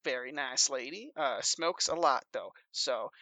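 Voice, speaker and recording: A woman's voice: rumbling low, animated, unhurried, bright, forceful tone, dry recording, pitched below the performer's own voice, heavily acted. A woman voicing a dim, folksy older male wasteland wanderer who rambles on with a wheedling salesman's patter during a tabletop role-play. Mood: rambling.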